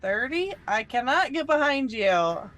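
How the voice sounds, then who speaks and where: A woman's voice: high-pitched, big pitch swings, moderate pace, fairly bright tone, soft background music. A woman playing a tabletop game, describing her character's actions hesitantly with many fillers. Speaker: player. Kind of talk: casual tabletop game play.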